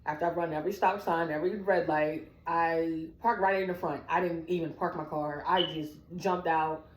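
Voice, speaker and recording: A woman's voice: sits low, moderate pace, a little hiss or hum. Storytelling woman in an echoey room. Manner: animated, acts out quoted dialogue. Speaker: family member telling her story. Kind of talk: personal storytelling.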